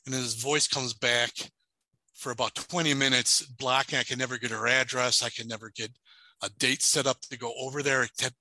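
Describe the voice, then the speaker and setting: A middle-aged man recounting his own experience as an interview guest. His voice is strikingly bright and tense, recorded dry and close with no room sound. He stumbles, repeats words and restarts sentences as he talks. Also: mid-range voice, steady tone, fairly quick, dry recording, rough recording. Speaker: paranormal investigator, podcast guest. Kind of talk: telling a personal story in an interview.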